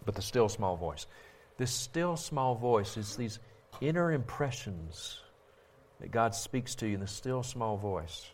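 A man Bible teacher giving a critical, sermon-style commentary, forceful and insistent and repeating his points for emphasis. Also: on the low side, animated, measured pace, slight background noise.

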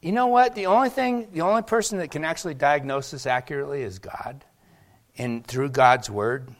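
A man preaching a sermon to his congregation, animated, asking rhetorical questions and acting out quotes. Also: fairly high pitch, moderate pace. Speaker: pastor.

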